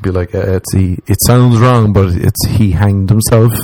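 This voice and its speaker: A man's voice: fairly even intonation, normal speed, warm tone, a little hiss or hum, low-quality recording. A young man with an Irish accent, telling personal stories in casual talk, self-mocking and swearing freely. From Ireland. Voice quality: laid-back, self-mocking, swears freely, quotes himself in a low mutter. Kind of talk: casual storytelling monologue.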